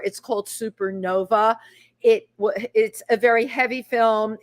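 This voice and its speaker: A woman's voice: mid-range voice, a bit bright. A woman hosting a live talk show, chatting in an emphatic, effusive way.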